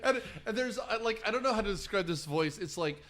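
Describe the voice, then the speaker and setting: A man hosting a casual movie-review podcast, animated and quick to act out quotes in exaggerated voices. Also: sits high. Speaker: podcast host.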